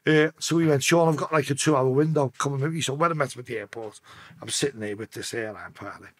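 A man's voice: quick pace, dry recording. A man with a Liverpool accent telling stories as a podcast guest, swearing freely and acting out the voices of the people in them. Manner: profane, acts out quoted voices with sharp pitch swings. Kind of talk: casual storytelling interview.

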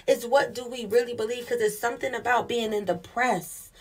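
Female preacher, husky tone, fervent sermon delivery with call-outs to the congregation. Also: fairly high pitch, fairly even intonation, a little fast.

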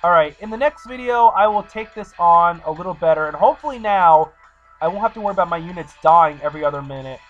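Exasperated gamer doing let's play commentary over faint game music, mid pitch, slightly muffled audio. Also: expressive, fast talker.

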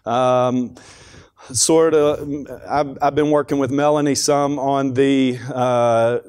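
A man speaks at a school chapel in a relaxed, conversational devotional talk. He often restarts and repeats words as he goes. His pitch sits in the middle range. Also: slow, smooth.

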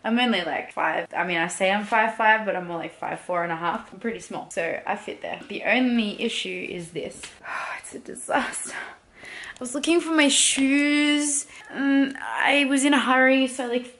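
A woman's voice: mid-range voice, a bit bright. A young woman chatting casually to her vlog audience while walking through her house and garden, in a bubbly, scattered, rambling way. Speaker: vlogger and musician.

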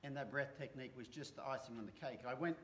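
A man's voice: medium pitch, fast. Man horse trainer, easygoing live chat, rambles and restarts, faint room hum. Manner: rambling, restarts, relaxed storytelling. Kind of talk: casual conversational chat.

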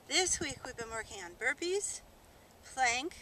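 A high, bright-voiced woman coaches an outdoor workout, upbeat and encouraging as she walks through each exercise. She is recorded outdoors in the countryside on a camera mic. Faint background noise sits behind her. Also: expressive, unhurried. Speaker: fitness instructor. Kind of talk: workout demonstration. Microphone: camera mic held by a cameraman.

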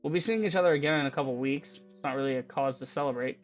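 A man's voice: medium pitch, very fast, soft background music, close to an everyday voice. A man voicing a teasing teenage little sister in a casual, plainly read style. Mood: offhand.

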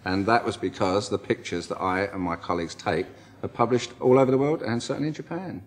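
A man's voice: fairly low pitch, fast. An English man, a press photographer guest on a chat show, speaking in a cheerful, plain-spoken way.

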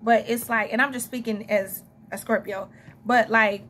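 A woman's voice: fairly high pitch, fairly even intonation, normal speed, fairly bright tone, slight background noise. A young adult woman with a Southern US accent, chatting her way through a tarot reading in a rambling, casual monologue full of asides and laughs. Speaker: tarot reader.

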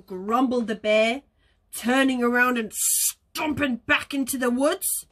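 A woman teacher reading a picture book aloud to young children, animated, gasping and coaxing them to join in. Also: fairly high pitch, takes it slowly. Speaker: early years teacher.

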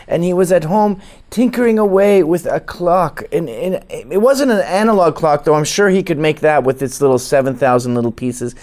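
A man's voice: a little high, a little mellow. A man delivering a mocking, sarcastic political rant full of profanity. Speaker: political commentator.

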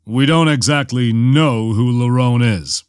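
A gruff, sardonic male pilot who growls out his answers, played by a man reading an audiobook. The delivery stays grim and exasperated. The sound is dry and close. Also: medium pitch, lively intonation, normal speed, no room sound, natural voice.

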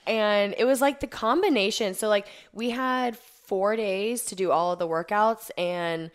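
A woman's voice: mid-range voice, unhurried, clear, resonant tone. A young woman, a guest on a podcast, telling stories in casual chat full of "like" and acting out her own past lines. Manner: animated storyteller who acts out her own quotes, many fillers. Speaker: podcast guest, competitive athlete.

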